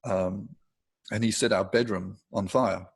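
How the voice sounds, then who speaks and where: A man's voice: fairly low pitch, steady tone, measured pace, gravelly, breathy edge. An older man with an English accent, a guitarist, chatting casually in an interview and telling anecdotes, often laughing. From England. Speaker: guitarist guest.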